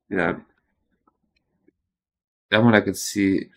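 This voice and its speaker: A low, gravelly male voice, worn down with tiredness as he talks to himself over his studies. He mutters and stops partway through thoughts. He sounds out practice words one after another. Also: level tone, a little slow, long pauses. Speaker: language learner streaming study. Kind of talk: thinking aloud while studying.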